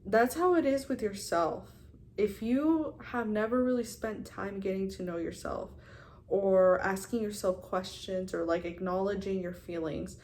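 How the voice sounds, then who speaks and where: A little hiss or hum sits under this woman's medium-pitched, slightly mellow voice. She's a vlogger in her twenties, talking frankly and casually to her viewers, whom she calls "you guys," with a curse word here and there.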